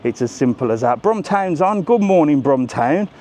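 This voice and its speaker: A man's voice: a little high, animated, normal speed, mellow. A man doing a casual, cheeky live walking vlog, chatting straight to his viewers and reading out their messages as he goes. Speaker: travel vlogger on a live walking stream. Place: outdoors on resort streets. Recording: faint outdoor street noise. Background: faint street and traffic noise.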